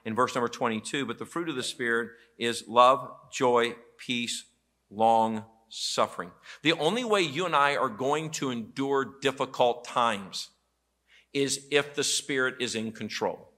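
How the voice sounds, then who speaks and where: Male pastor preaching a sermon, bright tone, animated storyteller. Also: mid-range voice. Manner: animated storytelling with quoted voices. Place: church auditorium.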